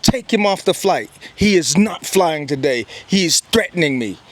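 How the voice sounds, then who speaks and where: A man's voice: a little high, animated, moderate pace, a bit bright, pitched above the performer's own voice. A man voicing a curt, dismissive male airport gate agent while retelling a story. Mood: angry.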